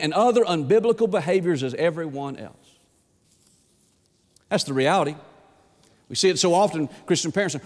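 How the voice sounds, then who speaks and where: A high-voiced pastor preaches in a large hall, building with impassioned repetition of words. Eventually he drops down into a hushed plea.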